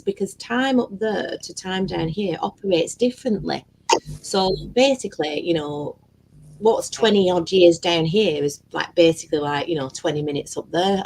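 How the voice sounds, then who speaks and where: A woman's voice: medium pitch, rough recording. A woman telling a story in casual, rambling chat on a video call, full of fillers and swearing. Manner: rambling, animated, swears freely, many fillers. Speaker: guest. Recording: faint background noise.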